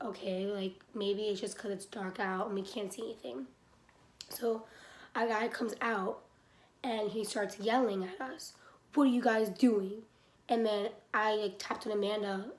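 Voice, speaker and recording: A woman's voice: medium pitch, darkish tone, reverberant. A young woman vlogger telling a scary personal story in a casual, rambling way, saying "like" constantly, with a stuffy nose. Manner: rambling, heavy use of "like".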